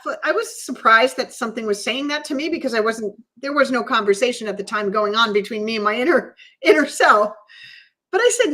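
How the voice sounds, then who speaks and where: A woman's voice: on the high side, big pitch swings, brisk, bright, forceful tone, husky, poor audio. A woman co-hosting a podcast, telling a personal story in an earnest, emotional way. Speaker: podcast co-host. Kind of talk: storytelling in casual chat.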